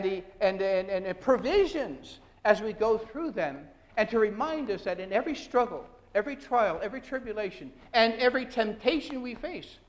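A man with a high voice preaches a sermon in a church sanctuary, earnest and emphatic, often restarting his sentences. Long reverb from the hall trails his words. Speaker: pastor.

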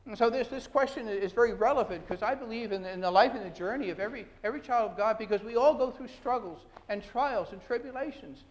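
A man with a high voice preaches a sermon in a church sanctuary, earnest and emphatic, often restarting his sentences. Long reverb from the hall trails his words. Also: fast, hardly any pauses. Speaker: pastor.

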